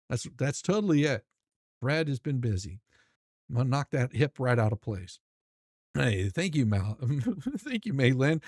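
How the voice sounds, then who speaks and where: A man's voice: medium pitch, big pitch swings, normal speed, a little mellow, no room sound. Guy rambling thru crude commentary, lots of stammering restarts, dry close sound. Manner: stammering, restarts often, mocking asides. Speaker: commentary channel host.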